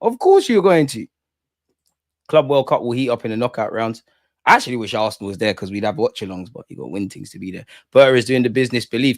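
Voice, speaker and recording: A man's voice: lowish voice, moderate pace, gravelly, dry recording, clean studio sound. A young man hosting a casual live stream, reading chat comments and ranting with jokes in between. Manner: animated, swings between ranting and joking with chat. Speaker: fan channel host.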